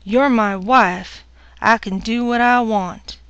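A woman reading the part of a violent moonshiner husband, loud and barking orders in her own voice. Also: a little high, slow, clear, resonant tone, no echo, lo-fi sound. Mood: brutal. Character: brutal moonshiner husband, adult man, violent.

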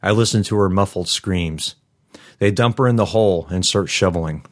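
Man, very low voice, first-person story narration, measured, somber. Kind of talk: first-person fiction reading.

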